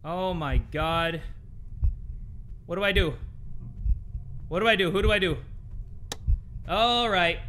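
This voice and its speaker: A man's voice: sits high, takes it slowly, pauses often, pushed and bright, a little hiss or hum. A young man commentating a horror game from home, jumpy and swearing often, talking to his viewers. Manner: jumpy, swears a lot, shrieks when startled; talks to viewers while playing. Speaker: gaming YouTuber.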